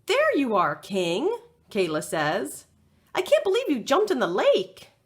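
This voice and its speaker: A woman voicing an eager young girl detective in a storybook, high and excited, often calling out. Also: measured pace.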